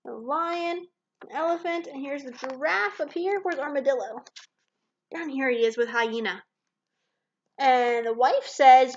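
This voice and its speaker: A woman reading a picture book aloud to a child, animated and pointing things out with little gasps. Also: high voice, measured pace, pauses often, lo-fi sound. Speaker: storybook reader.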